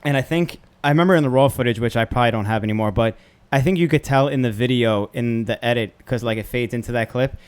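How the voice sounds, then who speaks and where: A man's voice: medium pitch, clear, resonant tone. A man co-hosting a podcast, talking casually, chiming in often and telling his own side of the story. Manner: quick, chimes in with agreement, relaxed storyteller. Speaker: podcast co-host. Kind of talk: casual chat.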